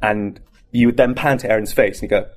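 A man talking as an actor in an interview, telling anecdotes in an animated, casual way and acting out bits of scenes. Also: on the low side, brisk. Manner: animated storyteller, acts out scenes.

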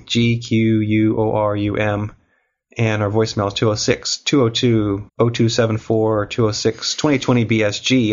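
A man's voice: medium pitch, dull audio. A man hosting a podcast who has a cold, reading a wry, joking episode recap and chatting casually with his co-hosts. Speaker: podcast host. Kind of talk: casual chat and scripted recap.

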